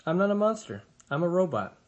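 Guy doing a calm polite robot mom, measured and friendly, storybook read-aloud. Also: high voice, dull audio, pitched above the performer's own voice. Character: calm gentle female robot.

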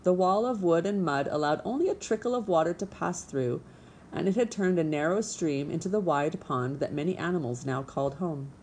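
A woman reading a children's storybook aloud as the narrator in a steady, clear voice. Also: fairly low pitch, brisk, a little hiss or hum. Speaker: audiobook narrator.

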